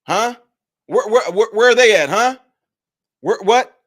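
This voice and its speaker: High-voiced man in heated rant. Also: animated, a little slow. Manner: heated, preachy, rising to shouts. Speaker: political commentary vlogger. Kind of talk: ranting video commentary.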